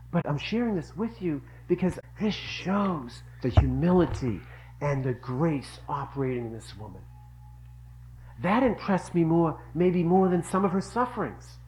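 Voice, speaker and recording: Middle-aged guy preaching to the faithful, earnest, kinda high voice, faint hiss behind. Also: very animated, measured pace, a little mellow, lo-fi sound. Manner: earnest, storytelling, repeats for emphasis. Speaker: religious speaker. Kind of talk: devotional talk.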